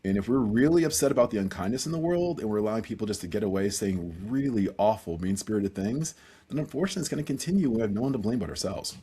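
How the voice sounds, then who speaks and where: A man with a slightly husky voice tells stories as a podcast guest, his pitch rising and falling with energy. He speaks earnestly and animatedly. He talks like a seasoned professional speaker. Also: expressive, quick pace, mellow. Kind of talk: casual podcast conversation.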